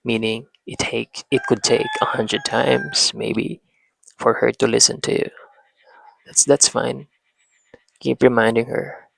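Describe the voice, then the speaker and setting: A man hosting a parenting talk, speaking in a slow, reflective monologue with frequent pauses and restarts, as if reasoning with himself. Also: mid-range voice, steady tone, creaky, a bit bright, breathy edge, dry recording, rough recording. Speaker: parenting channel host.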